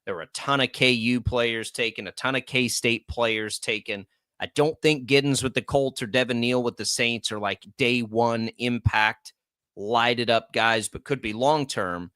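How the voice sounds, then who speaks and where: A man hosting a sports radio show in casual, energetic talk, with an American accent. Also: mid-range voice, measured pace, clean tone, dry recording, clean studio sound. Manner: chatty, energetic, reads ad copy.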